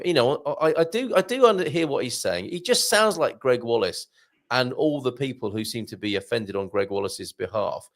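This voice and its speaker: A man's voice: mid-range voice, gravelly. A man hosting a live chat show, prompting his guests with questions and laughing easily. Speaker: show host.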